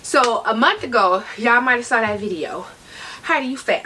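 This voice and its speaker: A chatty, playful woman hosts an unboxing vlog at home, her voice sitting a bit higher than most. She is picked up from a distance. A clear hum of room noise runs behind her. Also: animated, normal speed, bright, forceful tone. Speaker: vlogger. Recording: distant mic, noisy room.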